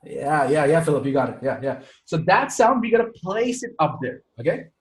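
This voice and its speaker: A man's voice: fairly high pitch, big pitch swings, a little fast, roomy sound, a crowd in the background, rough recording. A man teaching an online singing lesson over a video call, chatty and forever checking in with "right?". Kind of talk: casual online music lesson.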